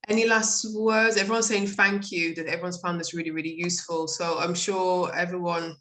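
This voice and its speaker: A woman's voice: lowish voice, fairly even intonation, fairly quick, a bit bright. Chatty woman hosting a video call. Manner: chatty, with frequent fillers and laughter. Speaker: host of an online jewellers' network talk. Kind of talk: casual video-call chat.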